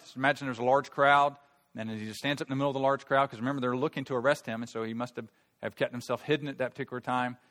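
A pastor delivers a sermon in a large hall, his mid-range voice moving from quiet explanation to loud, emphatic bursts. He often restarts sentences and repeats words.

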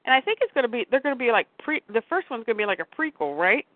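A woman's voice: fairly high pitch, sing-song, very fast, no room sound. A woman chatting casually as a podcast co-host, rambling and breaking off mid-sentence, acting out quotes as she goes. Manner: rambling, self-interrupting, acts out quotes. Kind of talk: casual chat. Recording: tinny phone-like line.

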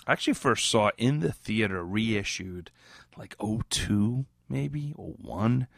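A man's voice: on the low side, expressive, measured pace, gravelly, dry recording, studio quality. A drunk man hosting a podcast, rambling and giggly, who keeps drifting into mock British slang. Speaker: podcast host. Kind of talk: casual rambling podcast chat.

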